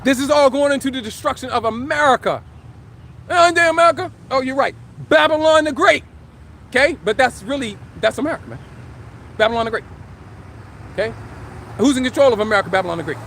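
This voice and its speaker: A man with a strikingly high voice preaches a live religious teaching. He talks emphatically, fires rhetorical questions and stretches and shouts the scripture he reads. Faint traffic hums behind him. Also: animated, fast, long pauses. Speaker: street preacher.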